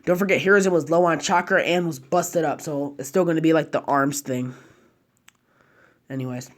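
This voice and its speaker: A man's voice: on the high side, steady tone, moderate pace. A man narrating a fan-made story casually, chaining run-on clauses with slang and fillers.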